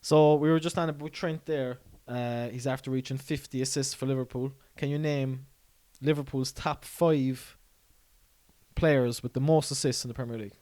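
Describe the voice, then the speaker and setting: A man's voice: mid-range voice, fairly even intonation, moderate pace, darkish tone. Easygoing man agreeing in casual chat. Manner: easygoing, agreeing with short replies. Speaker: podcast co-host, quizmaster.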